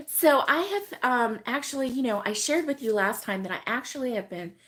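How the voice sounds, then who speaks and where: A middle-aged woman hosting a casual crochet live stream, chatting with viewers by name and laughing often, her voice still hoarse from being sick. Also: fairly high pitch, lively intonation, normal speed, fairly bright tone. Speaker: crochet channel host.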